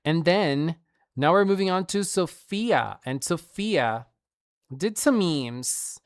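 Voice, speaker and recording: A woman's voice: fairly low pitch, expressive, slow pace. A woman streamer gushing playfully over fan art in a casual showcase, laughing often.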